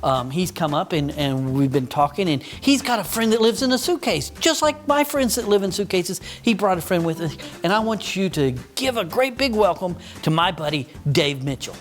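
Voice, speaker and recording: Man, pastor, friendly introduction for children, animated pitch. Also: moderate pace, hardly any pauses.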